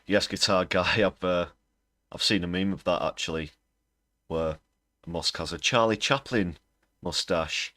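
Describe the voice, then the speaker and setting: A man's voice: sits low, measured pace, long pauses, sharp tone, no echo, studio quality. A British man hosting a political livestream, talking bluntly and scornfully, with fillers as he thinks aloud. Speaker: host.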